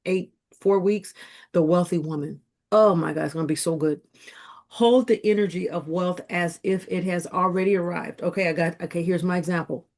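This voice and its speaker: A woman's voice: on the low side, normal speed, a little mellow. A woman leading a motivational group coaching call, talking emphatically with lots of repetition and affirmations. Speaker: business and wealth coach.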